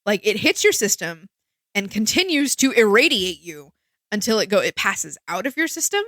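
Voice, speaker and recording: Lively woman podcast co-host. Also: medium pitch, moderate pace, dry recording. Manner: lively and chatty, explains facts with exclamations. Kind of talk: casual chat.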